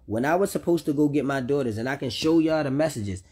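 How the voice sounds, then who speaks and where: Quick-paced and animated, a man with a mid-range, darkish, breathy voice vents to his viewers about his children. It's an unscripted personal vlog rant, heated and repetitive, with frequent swearing, aimed straight at listeners.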